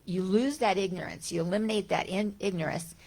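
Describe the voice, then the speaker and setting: A woman's voice: mid-range voice, fairly quick, creaky, a little mellow. A woman giving a reflective spiritual talk as a teacher, speaking conversationally and asking her listeners rhetorical questions.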